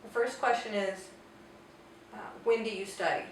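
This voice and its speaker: A woman explaining grammar in an online language lesson, slowing down carefully to model example sentences. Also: mid-range voice, steady tone. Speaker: Spanish teacher. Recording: echoey room, distant mic, faint noise.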